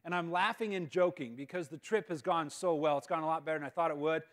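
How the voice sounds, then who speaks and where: Guest speaker, male, higher voice; animated, self-deprecating storyteller. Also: fast. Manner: animated, self-mocking, repeats words. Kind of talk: humorous storytelling talk. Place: school auditorium. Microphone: live-stream mic.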